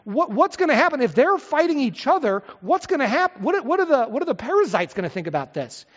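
A middle-aged man preaches in a chatty, expressive way, tossing out rhetorical questions and side remarks. His pitch rises and falls freely. The sound carries a long church-hall echo and is a little dull. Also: a little fast. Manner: lively, conversational preaching with asides and rhetorical questions. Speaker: pastor. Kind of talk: expository sermon.

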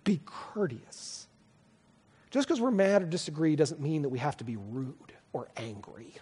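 Pastor guy giving a sermon, kinda high voice, loose and chatty, lots of restarts, big echoey church. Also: lively intonation, a little slow, mellow, slightly rough. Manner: earnest, conversational preaching with frequent restarts.

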